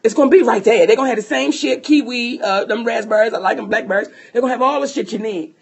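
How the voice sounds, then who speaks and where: A woman co-hosting a podcast, telling a personal story in an animated, profane way and laughing often. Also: fairly high pitch, quick pace, vocal fry, husky. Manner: speaks to listeners as sisters. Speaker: podcast co-host.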